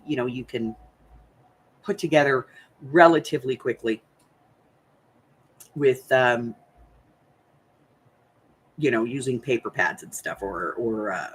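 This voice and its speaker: Older woman, slightly breathy voice, rambling, casual talk to viewers. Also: low voice. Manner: rambling, chatty, repeats herself while thinking. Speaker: crafting channel host.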